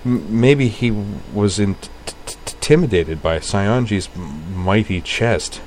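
A man's voice: on the low side, expressive, unhurried, a little mellow, slight background noise. A man voicing a shy young woman who stutters in a storybook reading.

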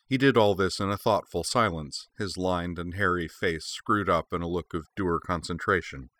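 A man narrating an audiobook in a steady, measured reading. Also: low voice, no room sound.

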